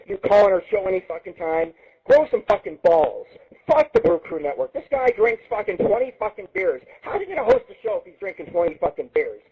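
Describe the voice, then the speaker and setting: Cocky, crude man hosting a radio show, husky voice, swings high and low, lo-fi stream audio. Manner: boastful, crude, taunting. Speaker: internet radio show host. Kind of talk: profane ranting monologue. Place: Las Vegas.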